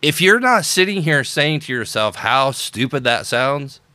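A man's voice: mid-range voice, sing-song, unhurried, bright, forceful tone, dry recording. A man hosting an unscripted political podcast, talking in an opinionated, sarcastic way with emphatic repetitions. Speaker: podcast host.

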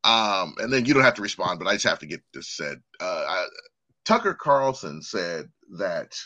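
A man's voice: sits low, big pitch swings, normal speed, sharp tone, highs cut off. A man co-hosting a casual chat, ranting in a profane way and often restarting his sentences.

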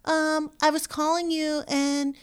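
A woman imitating a soft-spoken man with a high voice leaving a coaxing phone message, slipping into a put-on Australian accent. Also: little pitch movement, slow.

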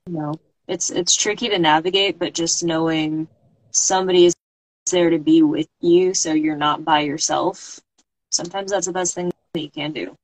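A woman's voice: sits low, steady tone, moderate pace, dry recording, poor audio. A woman hosting a podcast, supportive and reflective, often answering with short listening sounds. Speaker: podcast host. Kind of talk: casual conversation.

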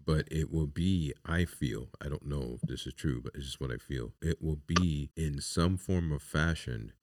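A man hosting a casual podcast chat, talking in halting runs and checking in with "you know what I mean". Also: very deep voice, darkish tone, slight background noise. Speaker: podcast host.

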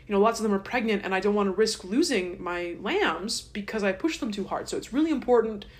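A woman's voice: mid-range voice, lively intonation, fairly quick, natural voice. A woman voicing a sly young man who rambles through polite excuses to stall. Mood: placating.

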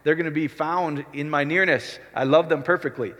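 A male pastor preaching a sermon in a conversational way, often rising to excited emphasis. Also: fairly high pitch, moderate pace, big-room sound.

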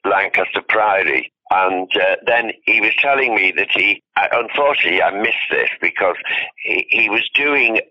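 A man's voice: lowish voice, normal speed, bright, forceful tone. An older man, an art dealer, telling long stories in a podcast interview, often restarting his sentences. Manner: rambling anecdotes with many restarts. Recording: dull lo-fi sound.

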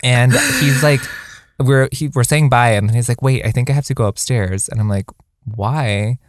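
A young man co-hosting a podcast, telling a story casually with lots of likes and ums and animated quoted lines. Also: medium pitch, moderate pace, noisy background. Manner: animated, quoting people in a raised voice. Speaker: podcast co-host.

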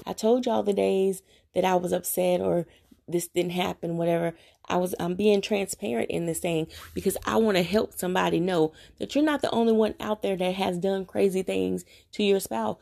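A woman's voice: medium pitch, steady tone, normal speed, vocal fry, dark tone. A woman speaking earnestly and preachily, straight to her viewers in a confessional devotional talk about her faith. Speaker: Christian vlogger sharing her faith journey.

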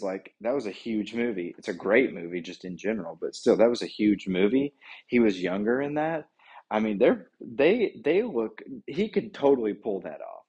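Husky, rambling laid-back man. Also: fairly low pitch, a little mellow, dull audio. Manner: rambling, laid-back, swears and says "dude" often. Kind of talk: casual solo chat.

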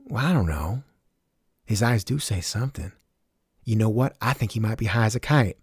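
A man's voice: on the low side, expressive, normal speed, husky, dry recording, studio quality, exaggerated voice. A man voicing a young female cashier with a Southern US accent, overly cheery and then curt. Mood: gossipy.

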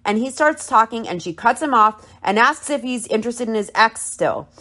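Woman host for a casual recap podcast, a bit high-pitched, blunt and opinionated. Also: animated, moderate pace, sharp tone. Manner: blunt, opinionated, swears freely.

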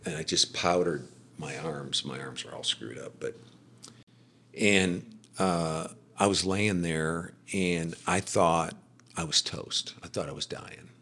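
A middle-aged man, a podcast guest, giving a personal faith testimony in casual conversation, telling it as an animated storyteller. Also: low voice, slow. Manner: animated storyteller, acts out quoted speech.

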